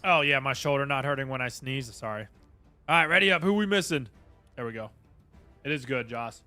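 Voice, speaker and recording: A man's voice: mid-range voice, lively intonation, a little fast, pushed and bright, no room sound. A man streaming a game live, chatting casually and greeting viewers by name, with faint music behind.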